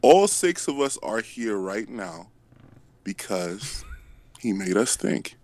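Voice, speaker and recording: A man's voice: lowish voice, very animated, takes it slowly, darkish tone. A man talking in a casual online debate, rambling and correcting himself, cracking jokes. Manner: rambling, self-correcting, joking. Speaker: debate panelist.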